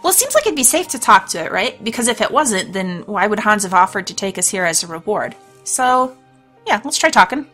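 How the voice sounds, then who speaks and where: A woman hosts a let's play, reading a storybook game aloud and adding chatty, laughing asides as narration and commentary. Her medium-pitched voice is sing-song with a sharp tone and a fairly quick pace. Soft music plays in the background.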